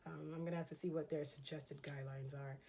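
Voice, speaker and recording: A woman's voice: deep voice, little pitch movement, fast talker, vocal fry, mellow. A woman talking casually through a fashion haul in a chatty, enthusiastic way, with frequent ums and laughs. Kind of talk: casual haul chat showing items.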